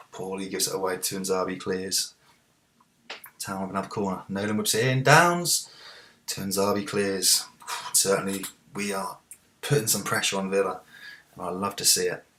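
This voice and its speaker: A very deep-voiced man commentates on his own football management game in a relaxed, chatty way. He talks through tactics and matches, and erupts into excited cheers when his team scores. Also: normal speed, pauses often, slight background noise. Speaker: let's play host.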